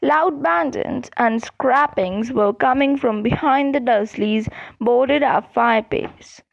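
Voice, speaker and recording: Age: adult. Sex: woman. Quality: high, gravelly reading voice. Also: slow, dry recording, muffled recording. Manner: steady, plain reading with a few slips. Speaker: audiobook reader. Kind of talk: storybook narration.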